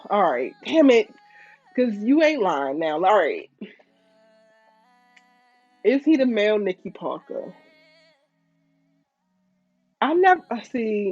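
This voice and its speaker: A woman's voice: lowish voice, dry recording. Woman, recap host, exasperated chatty delivery, dry lo-fi track. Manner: animated, exasperated, reads viewer comments. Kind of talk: casual recap commentary.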